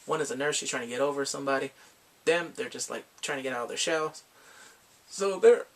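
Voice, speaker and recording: A man giving a casual, rambling movie review, laughing often and acting out quotes in high voices. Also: a little fast.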